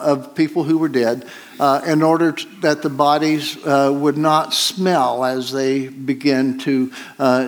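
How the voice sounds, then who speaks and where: A man preaching a sermon, retelling a scripture story slowly with many pauses and fillers. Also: a little high.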